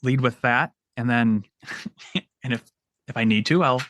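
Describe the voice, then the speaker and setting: A man, a military veteran, telling a story on a podcast in a halting way, often repeating words. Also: medium pitch, a bit bright.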